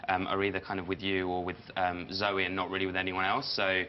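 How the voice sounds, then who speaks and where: Man, actor guest, deep voice, rapid, self-deprecating, dull lo-fi audio. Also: monotone. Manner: self-deprecating, rambling, quick. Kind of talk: TV interview answers. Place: TV studio. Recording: dull lo-fi sound with faint noise.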